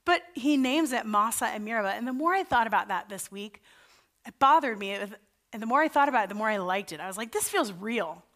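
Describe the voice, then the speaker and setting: Woman, pastor, sermon, conversational and earnest, fairly high voice, rises for pleas. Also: animated, fast talker, fairly bright tone. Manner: earnest and conversational, voice rising for quoted pleas to God.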